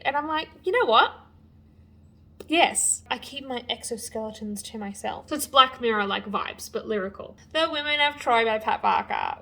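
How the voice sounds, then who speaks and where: A young woman chatting casually to camera as a book vlogger, animated and full of fillers. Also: high voice. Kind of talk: casual vlog chat.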